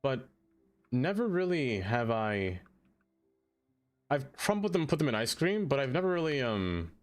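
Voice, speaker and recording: Soft music plays behind a medium-pitched man as he streams a city-building game. His speech moves at a measured pace with wide swings in pitch, and his casual chatter with viewers is playful and teasing.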